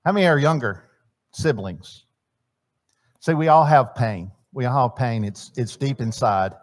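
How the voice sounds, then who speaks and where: A man teaching a church marriage seminar in a sermon style, swinging between loud emphasis and quiet asides and asking his audience questions. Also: mid-range voice, lively intonation, unhurried. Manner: chatty, asks the audience questions. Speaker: seminar speaker. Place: church hall.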